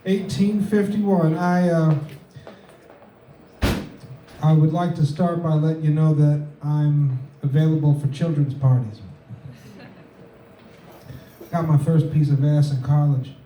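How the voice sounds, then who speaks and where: A man doing a stand-up set in a comedy club, delivering deadpan one-liners with halting fillers. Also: a little high, distant mic. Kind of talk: stand-up set at an open mic. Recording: echoey room, mic heard from afar, faint noise.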